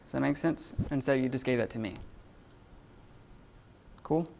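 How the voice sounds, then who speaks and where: A man teaching a live Greek grammar class, talking in a halting way with many fillers and restarts. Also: medium pitch, gravelly, darkish tone.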